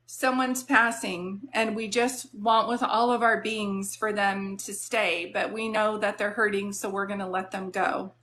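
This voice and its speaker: A woman's voice: mid-range voice, fairly even intonation, a little slow, few pauses, fairly bright tone. A woman working as a psychic medium, giving a live-stream reading in a soothing, reassuring, chatty way.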